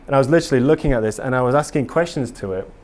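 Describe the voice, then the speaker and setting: Very fast and expressive, a conference speaker with a medium-pitched, darkish voice delivers a casual talk to a live audience in a conference room. He rambles earnestly, frequently restarting and filling gaps with um.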